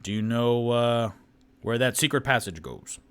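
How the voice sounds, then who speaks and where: A man voicing a huge elephant-folk male warrior in a tabletop game, calm and questioning. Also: mid-range voice, a little slow, smooth, natural voice.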